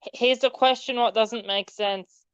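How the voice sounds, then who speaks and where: A woman's voice: on the high side, fairly even intonation, a bit bright, clear, resonant tone, dry recording, lo-fi sound. A woman in casual podcast chat who stumbles and restarts her sentences as she brings up topics. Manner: halting, stammers and restarts.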